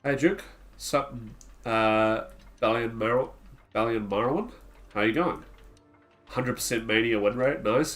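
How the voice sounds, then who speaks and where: A man's voice: medium pitch, moderate pace. A man streaming a card game, chatting loosely with his viewers in a rambling way, full of "like" fillers. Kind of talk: casual live-stream chat while playing.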